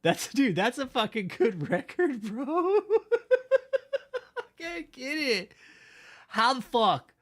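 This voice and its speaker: A man's voice: extremely high pitch, animated, takes it slowly, pauses often, fairly bright tone. A man hosting a livestream, chatting casually and reading out viewer comments in a profane, mocking way, laughing often. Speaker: livestream host.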